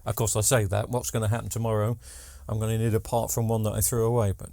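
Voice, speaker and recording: A man's voice: lowish voice, little pitch movement, quick pace, vocal fry, dark tone, no echo. A man, rambling casually through a TV repair vlog with joking asides and lots of ums. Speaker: TV repair vlogger. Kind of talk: casual chatty workshop vlog.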